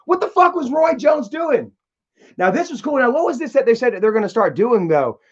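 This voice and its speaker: A man with a high voice rambles through profane stories on a live stream, laughing at his own tales. The sound is dull and lo-fi. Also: sing-song, brisk, slightly rough. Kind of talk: casual storytelling to chat.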